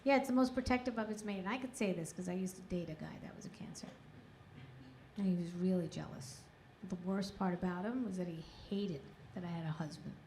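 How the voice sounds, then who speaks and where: A woman's voice: fairly low pitch, brisk, background noise. A middle-aged woman performing a crude, self-mocking stand-up comedy set on a club stage into a handheld mic. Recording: live club with crowd laughter. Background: audience laughter.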